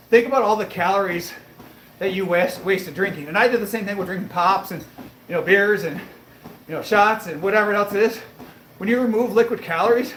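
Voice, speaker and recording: A man livestreaming while on a treadmill, chatting casually and answering viewer comments, a bit breathy as he talks between breaths. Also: high-pitched, a bit bright, roomy sound, a little hiss or hum, low-quality recording. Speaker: fitness livestreamer.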